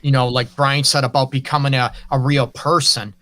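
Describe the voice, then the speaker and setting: A man hosting a relationship advice interview, with a bright, forceful tone. He talks earnestly and bluntly, stringing phrases together loosely. His pitch sits in an ordinary middle range. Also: level tone, moderate pace, dry recording. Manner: earnest, frank, speaks in loose run-on phrases. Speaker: relationship counselor and host. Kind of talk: conversational interview.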